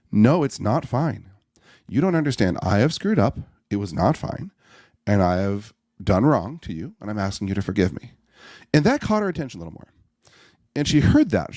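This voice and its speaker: Man, podcast guest, storytelling, very lively pitch, dry close sound. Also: dry recording. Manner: animated storyteller, acts out voices in anecdotes.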